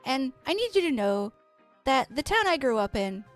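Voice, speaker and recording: A chatty woman with a high voice rambles through stories as she streams a game, swearing freely along the way. Soft game music plays faintly behind her. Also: sing-song, normal speed. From Canada. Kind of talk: casual storytelling while playing a game.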